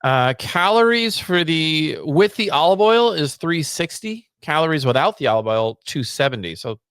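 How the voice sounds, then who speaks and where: A man's voice: a little high, expressive, normal speed, a bit bright, smooth, no echo. A man co-hosting a casual podcast, chatty and a bit hesitant as he taste-tests food. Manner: hesitant, chatty, talks with mouth full while tasting. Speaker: podcast co-host. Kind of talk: casual chat.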